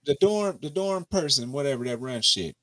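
Animated man ranting about a TV show. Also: medium pitch, normal speed. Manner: animated, profane, mocking. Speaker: TV show review podcast host. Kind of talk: casual chat.

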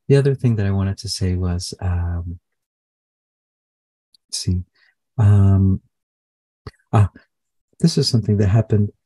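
A man channeler in a live session, speaking haltingly with many fillers and restarts. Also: lowish voice, warm tone, slightly rough, dry recording.

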